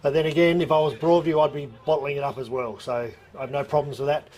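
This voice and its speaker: A man's voice: a little high, steady tone, quick pace, a little mellow. Upbeat Australian colour commentator, man. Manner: analytical, opinionated colour commentary. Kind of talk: live sports commentary.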